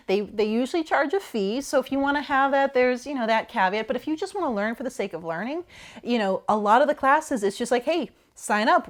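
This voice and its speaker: A young adult woman co-hosting a casual podcast chat, rambling through asides and swearing freely. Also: fairly high pitch. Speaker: podcast co-host.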